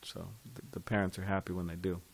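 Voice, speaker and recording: In a level tone, a man with a slightly low voice runs a devotional scripture class at a temple. His manner is loose and conversational, with pauses where he asks the listeners questions.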